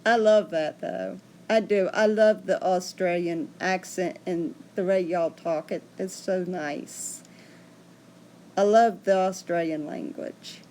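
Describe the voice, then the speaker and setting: A woman's voice: fairly low pitch, takes it slowly, darkish tone. A woman hosting a casual livestream, chatting and answering viewer comments. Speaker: livestream host.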